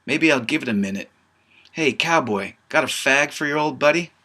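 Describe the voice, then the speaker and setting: A man's voice: medium pitch, lively intonation, moderate pace, pushed and bright, voice pushed up. A man voicing a wary older man, a former big shot who is now evasive and guarded.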